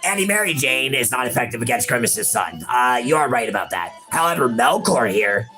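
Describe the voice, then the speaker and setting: A man with a bright, edgy voice riffs through a game playthrough, teasing his co-host and cursing freely. Soft music runs low beneath him. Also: very animated, brisk. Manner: teasing, profane, keeps saying the other host's name. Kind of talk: casual let's-play banter.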